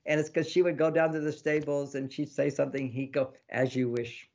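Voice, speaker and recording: A man, an author of relationship books, giving casual advice as a podcast guest, animated and fond of acting out little quoted exchanges with a laugh. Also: on the high side, quick pace, gravelly, lo-fi sound. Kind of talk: casual advice talk in an interview.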